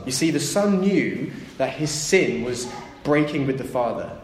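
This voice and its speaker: A man's voice: mid-range voice, lively intonation, unhurried, slight background noise. Man preaching in an echoey hall. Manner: storytelling, acts out voices of the story's characters. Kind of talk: sermon. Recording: echoey hall, faint ambience.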